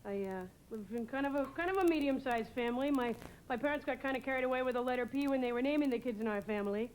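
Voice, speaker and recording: A young woman from New England doing a deadpan stand-up set, hesitating with many "uh"s. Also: high voice, fast, poor audio. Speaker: stand-up comedian. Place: TV studio stage before a live audience. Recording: loud audience laughter and noise.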